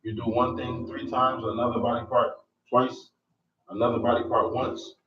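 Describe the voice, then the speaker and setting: A man's voice: medium pitch, little pitch movement, normal speed. A man teaching a religious text, reading lines in Arabic and then explaining them in English, with frequent hesitations. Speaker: Islamic studies teacher. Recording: distant, echoey, dull and noisy.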